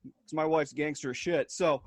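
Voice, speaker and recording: A man co-hosting a podcast, chatting casually and telling animated stories with plenty of swearing. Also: a little high, normal speed, dry recording, studio quality. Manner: swears freely, animated storytelling. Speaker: podcast co-host. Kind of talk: casual chat.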